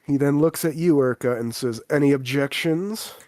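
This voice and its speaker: A man's voice: medium pitch, normal speed, dark tone, dry recording. A man narrating a tabletop game as the game master, in plain storytelling.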